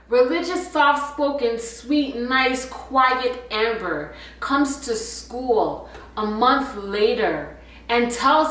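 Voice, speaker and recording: A young woman telling a story in a casual, animated way, full of slang and swearing. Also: on the high side. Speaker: vlogger. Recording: echoey room, a bit far from the mic.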